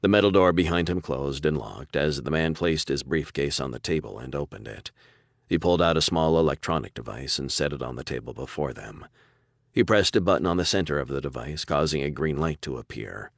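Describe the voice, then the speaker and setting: A man narrating an audiobook in a steady, deliberate storytelling manner. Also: a bass voice, gravelly, dry recording, clean studio sound. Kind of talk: scripted narration.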